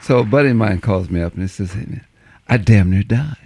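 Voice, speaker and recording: A man's voice: fairly low pitch, fairly quick, creaky, noisy background. A man telling a story in casual chat, acting out both sides of a phone call with big swings in his voice.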